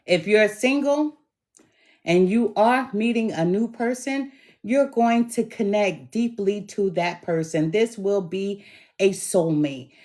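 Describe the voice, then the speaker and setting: Middle-aged woman, tarot reader, hoarse, slow and emphatic, encouraging. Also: medium pitch, a little mellow. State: hoarse from bronchitis, coughing. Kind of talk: tarot reading.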